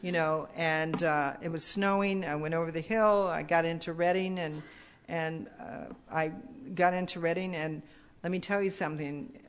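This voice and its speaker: A woman's voice: deep voice, fairly even intonation, normal speed, slight background noise. An older woman giving a personal testimony at a recovery meeting, rambling and restarting with many asides. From United States. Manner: rambling, restarts often, many "you know"s. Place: meeting hall.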